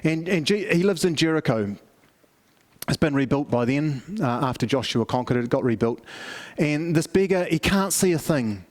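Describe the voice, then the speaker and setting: Conversational middle-aged preacher, higher voice. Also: male voice, animated, normal speed, a little mellow. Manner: conversational storytelling with many restarts. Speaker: pastor. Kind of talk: family service sermon.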